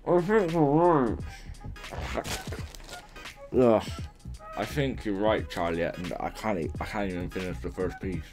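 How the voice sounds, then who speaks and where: A man's voice: low voice, normal speed, over music. A young man answering viewer questions in a casual vlog at his mother's home, rambling and joking, swearing and laughing often. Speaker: YouTuber.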